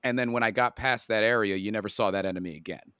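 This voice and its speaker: A man co-hosts a casual gaming podcast in a low voice. He rambles and restarts his sentences, tripping over words as he goes. The sound is dry and close. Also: fast talker, pushed and bright, clear, resonant tone, dry recording. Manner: rambling, self-correcting, stumbles over words. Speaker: podcast co-host. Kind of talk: casual chat.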